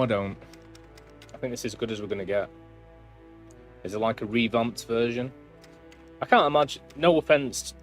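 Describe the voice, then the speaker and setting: Low-voiced man rambling on a game stream. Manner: rambling, self-mocking. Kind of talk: casual live-stream chat.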